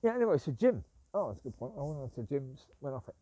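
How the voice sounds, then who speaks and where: A man's voice: mid-range voice, very animated, very fast, warm tone, breathy edge, no room sound. Grumbling man on a night walk. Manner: grumbling, repeats himself, calls sharply to his dogs. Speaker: vlogger walking his dogs. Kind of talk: rambling walk-and-talk. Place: outdoors at night on a street.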